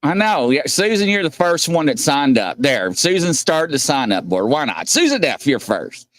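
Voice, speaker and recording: A man's voice: a little high, sing-song, moderate pace, a bit bright. A man hosting a casual livestream, rambling and joking as he reads chat comments aloud and greets viewers. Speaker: host.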